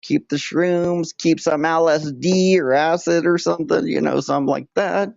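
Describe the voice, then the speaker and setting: Crude joking streamer, dull lo-fi sound. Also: male voice, a little high, normal speed, creaky, no echo. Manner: crude, joking, mock-tough banter. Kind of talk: casual livestream chat.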